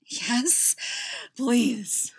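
A woman voicing an eager young woman who speaks breathily and a little higher. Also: very animated, moderate pace.

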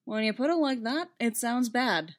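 A woman's voice: a little high, animated, normal speed, voice pushed up, lightly acted. A woman reading aloud, voicing a grim male Jedi knight in a wry, clipped, urgent way. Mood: tense. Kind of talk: fan fiction read aloud.

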